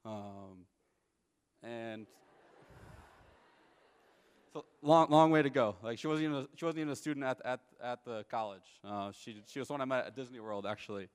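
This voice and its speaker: Speaking at a moderate pace with frequent pauses, a young man in his twenties shares a personal testimony before an audience, keeping it casual and regularly checking in with them. His mid-range voice has a clean tone, and a long reverb tail trails behind it.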